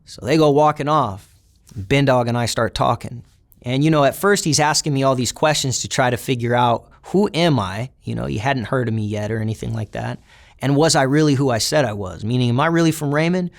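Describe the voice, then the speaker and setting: A man's voice: medium pitch, fairly quick, creaky. Casting note: adult man, mid-range voice, recounting street life plainly and bluntly, with casual cursing. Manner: blunt, swears freely, many fillers. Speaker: interviewee. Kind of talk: casual storytelling interview.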